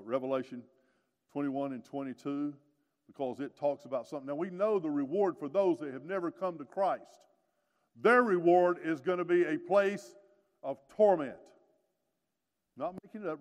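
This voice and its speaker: A man in his sixties preaching a sermon, swinging from hushed lows to loud emphatic peaks, with folksy joking asides. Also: moderate pace. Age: 60s. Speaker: pastor. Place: church sanctuary. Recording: long reverb of a church hall.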